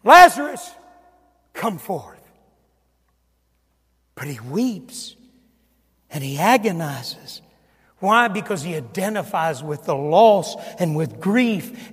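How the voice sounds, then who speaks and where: Older high-voiced preacher, echoing church hall. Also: male voice, slightly rough. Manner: dramatic swings from booming emphasis to hushed, near-whispered asides. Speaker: pastor. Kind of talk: sermon. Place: church sanctuary.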